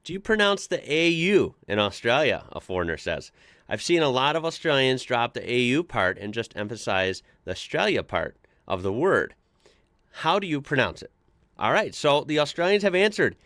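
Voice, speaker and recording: A man's voice: medium pitch, big pitch swings, normal speed, a bit bright, no echo, studio quality. An American man hosting a casual commentary show, chatty and amused as he reads posts aloud and adds his own asides. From United States. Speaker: host reacting to online posts.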